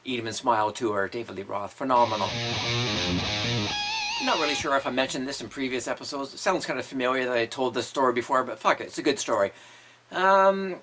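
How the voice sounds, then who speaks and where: A man's voice: mid-range voice, brisk, fairly bright tone, soft background music. A man in his fifties, a musician hosting his own show, telling crude, profanity-laced stories with frequent laughter. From Canada. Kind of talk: casual storytelling monologue.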